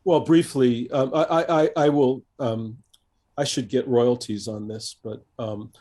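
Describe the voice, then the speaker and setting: A man in his fifties, a coach being interviewed on a podcast, speaking thoughtfully and haltingly with many restarts and fillers. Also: medium pitch, fairly even intonation, mellow. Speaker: executive coach, guest.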